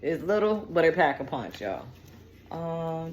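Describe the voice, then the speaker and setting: A woman's voice: deep voice, very animated, measured pace, a little mellow. A woman giving a casual tarot reading, chatty and digressive, with slang and profanity. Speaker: tarot reader.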